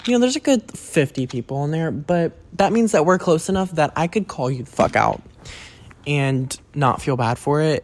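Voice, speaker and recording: A young man hosting his own podcast, rambling casually with stammered restarts, self-deprecating asides and frequent cursing. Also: fairly high pitch. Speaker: podcast host. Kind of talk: rambling solo podcast chat.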